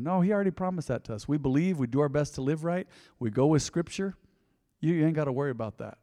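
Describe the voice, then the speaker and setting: A middle-aged man preaching in a church, his fairly high voice swelling to loud emphasis and then dropping to near whispers. He talks to the congregation in a folksy, direct way. Long reverb trails off each phrase in the big sanctuary. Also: fast. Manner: animated, swings between loud emphasis and quiet intensity. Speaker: pastor. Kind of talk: sermon.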